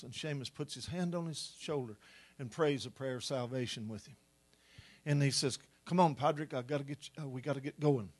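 A middle-aged man preaching a sermon, telling a story with rising, animated delivery. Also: mid-range voice.

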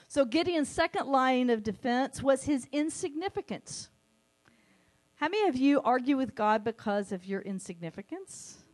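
High-voiced woman preaching a sermon. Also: a little slow. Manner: animated, acts out quoted voices.

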